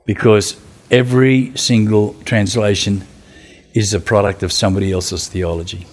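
A man giving an informal talk on Bible translation, answering a group's questions in an animated way that climbs in pitch for emphasis. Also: moderate pace. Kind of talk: casual teaching talk.

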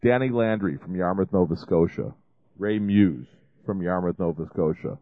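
Low-voiced man on a tinny line. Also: normal speed, no room sound. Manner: rambling, with restarts and fillers. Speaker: ministry show host. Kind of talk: fundraising appeal. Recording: dry, phone-like lo-fi sound.

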